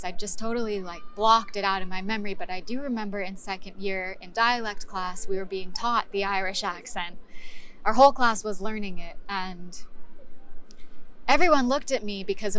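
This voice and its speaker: A rueful young woman actor with an American accent in a filmed monologue. She talks in candid, searching bursts, full of pauses and restarts. Her pitch sits in the middle range, with a faint hiss behind her. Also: bright, forceful tone, low-quality recording. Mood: unsettled. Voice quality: halting, confessional delivery full of pauses and restarts.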